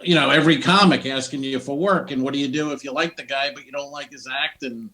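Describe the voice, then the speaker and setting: A man's voice: medium pitch, fast talker, pushed and bright, rough recording. A man co-hosting a comedy podcast, asking questions in a chatty, enthusiastic way. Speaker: podcast co-host. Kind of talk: casual interview chat.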